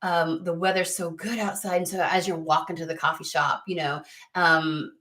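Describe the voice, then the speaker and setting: A woman's voice: fairly low pitch, steady tone, moderate pace, a bit bright. A woman giving a casual tarot reading to her viewers in a rambling, frank manner, swearing freely. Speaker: tarot card reader.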